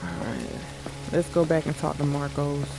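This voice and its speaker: Gravelly man joking through a game. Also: a little high, very animated, moderate pace. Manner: joking, chatty asides. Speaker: gaming channel host. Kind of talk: casual gameplay commentary. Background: game music.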